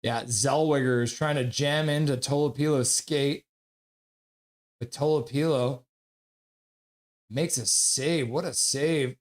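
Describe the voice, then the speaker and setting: A man giving casual play-by-play on a live stream, excitably reading out viewers' chat messages. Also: mid-range voice, slow pace, pauses often.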